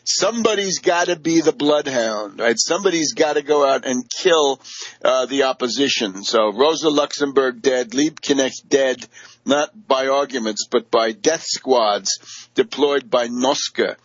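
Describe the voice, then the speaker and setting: A man's voice: mid-range voice, unhurried, no room sound, highs cut off. A man giving a combative, sarcastic political commentary, full of fillers and mocking quotes of opponents. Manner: mimics opponents in quoted asides.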